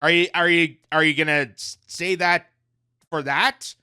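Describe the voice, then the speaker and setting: A man's voice: a little high, fairly even intonation, measured pace, bright, forceful tone, clear, resonant tone. A man commenting on the news in casual talk, often sarcastic and mocking the people he criticizes. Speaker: commentary host.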